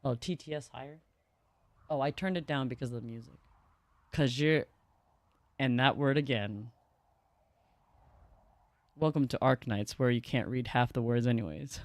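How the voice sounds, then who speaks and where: A woman's voice: extremely low pitch, moderate pace, pauses often, darkish tone, no room sound. A woman streaming a game who chats casually with her viewers, reads the story aloud, often laughs and stumbles over hard game words. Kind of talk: casual livestream chat and story reading.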